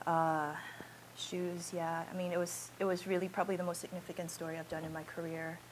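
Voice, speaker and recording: A woman's voice: on the low side, level tone, brisk, slight background noise, low-quality recording. A woman photojournalist giving an informal slideshow talk in a university auditorium, speaking in a candid, conversational and unpolished way.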